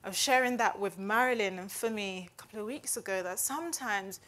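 A woman's voice: mid-range voice, a little fast, a bit bright. A woman giving a conversational Bible teaching in an earnest, chatty way, often checking in with "right?". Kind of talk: conversational devotional talk.

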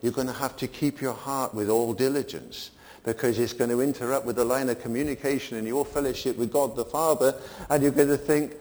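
Older guy preaching, warm low voice, long hall echo, gets loud then drops to a mutter. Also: normal speed. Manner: animated, rising to emphatic peaks and dropping to quiet asides. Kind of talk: sermon.

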